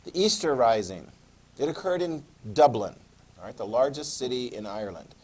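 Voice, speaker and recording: A man's voice: mid-range voice, big pitch swings, normal speed, darkish tone, husky. A man teaching a history class, chatty and quizzing his students as he goes. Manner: chatty, asks the class questions. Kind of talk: classroom lecture.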